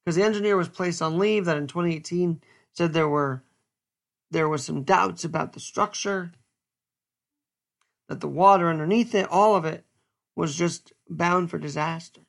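A man giving an earnest, stern solo commentary as a podcast host, speaking deliberately with pauses. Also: a little high, gravelly.

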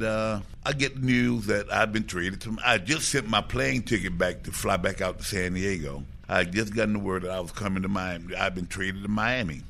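An older man, a former football player, recalling his early career in a panel interview, with measured storytelling and the odd laugh. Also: low-pitched, pushed and bright, slight background noise. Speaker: former lineman, guest.

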